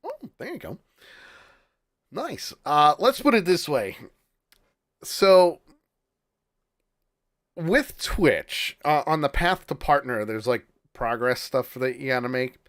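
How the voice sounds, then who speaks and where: A man's voice: on the high side, big pitch swings, slow, long pauses, a bit bright. A man hosting a live-streamed talk show, chatting casually, laughing often and trailing off while he looks things up. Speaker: podcast host.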